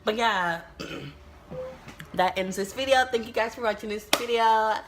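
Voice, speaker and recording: A young adult woman from the United States tells a storytime vlog in a casual, animated way, swearing often and exclaiming a lot. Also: on the high side, slow pace, slight background noise. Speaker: YouTuber.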